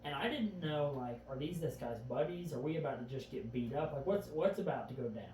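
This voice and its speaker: A podcast guest with a warm, medium-pitched voice and lively intonation speaks a little fast, earnestly retelling vivid memories in a casual chat. Many of his stories start with "I remember." The echoey room, distant mic and faint hum give the recording a roomy feel.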